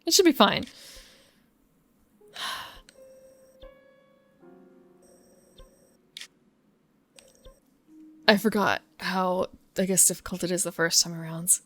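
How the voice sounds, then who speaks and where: A woman's voice: lowish voice, wildly swooping pitch, very slow, pauses often, fairly bright tone, faint music behind. A woman streaming games live from a home setup, musing and chatting with her viewers and laughing often. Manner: talks to chat between gameplay. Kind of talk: casual live-stream chat while gaming.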